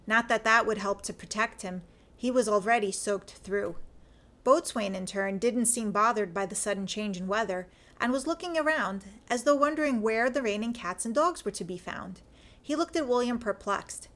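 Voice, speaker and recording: A woman narrating a fan fiction story in an even, measured reading voice. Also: mid-range voice.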